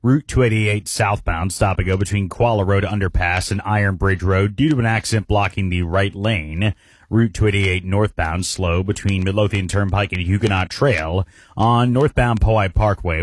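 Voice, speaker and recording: A man reading a radio traffic report in a steady, matter-of-fact way. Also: deep voice, no room sound.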